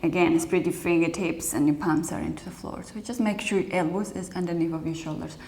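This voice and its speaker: A woman with a lowish, somewhat dark voice leads a yoga class, counting breaths and calling out poses in slightly non-native phrasing. Her intonation stays fairly even and her pace is a little quick. The room is echoey, with a long reverb tail.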